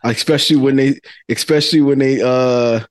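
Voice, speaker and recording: A man's voice: medium pitch, fairly even intonation, moderate pace, no echo. Chatty, laughing male podcast co-host. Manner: chatty, laughs while talking. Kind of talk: casual sports chat.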